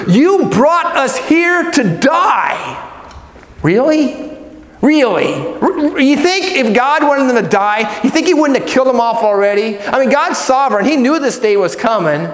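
A middle-aged male pastor preaching a sermon, swinging from loud emphatic points to low, soft prayer. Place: church hall. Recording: echoey church hall.

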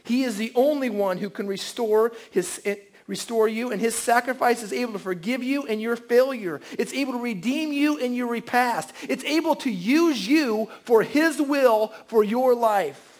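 High-voiced pastor preaching earnestly. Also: male voice, normal speed, hardly any pauses. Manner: earnest, swings from quiet to emphatic. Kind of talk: sermon. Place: church service. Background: faint band guitar.

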